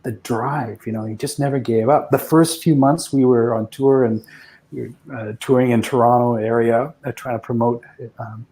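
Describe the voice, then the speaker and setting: A man in his sixties, a guest musician telling rambling, reflective anecdotes with soft chuckles in a casual interview. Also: medium pitch, steady tone, moderate pace, poor audio.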